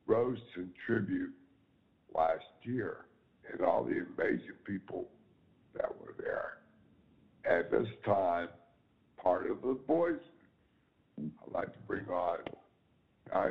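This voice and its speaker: A man with a very gravelly voice hosts an online talk show at an unhurried pace, his pitch swinging up and down. He is enthusiastic, repeats himself, and addresses the audience as ladies and gentlemen. The audio is dull and lo-fi, like an online call. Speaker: show host.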